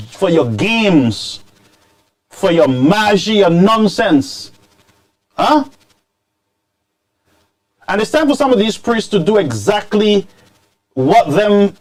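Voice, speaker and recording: Guy ranting on his commentary show, highish voice, scolding and mocking, slips into creole. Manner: animated, scolding, mixes in Creole phrases.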